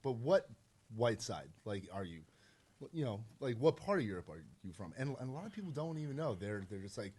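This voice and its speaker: A man chats casually on a podcast, rambling and firing off rhetorical questions. His voice is mid-pitched and loose, full of filler words. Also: very animated, fairly quick, darkish tone, slightly rough. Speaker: podcast co-host. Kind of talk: casual chat.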